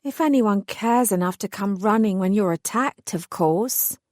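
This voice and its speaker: A woman voicing a cruel fairy godmother who coos and taunts with calm menace in an audiobook. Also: mid-range voice, measured pace, dry recording, studio quality, natural voice. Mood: mocking. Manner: cooing, teasing, calm menace. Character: coolly cruel female fairy godmother, mocking.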